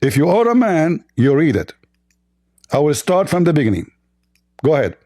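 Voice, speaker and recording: A man hosting a heated live online debate, hoarse from shouting, hurling insults and repeating himself. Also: on the high side, big pitch swings, normal speed, no echo, studio quality. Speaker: debate show host.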